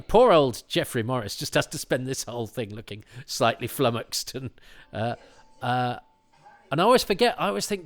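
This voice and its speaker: A man hosting a commentary podcast, chatting in a rambling way with many restarts and asides. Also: medium pitch. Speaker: podcast host.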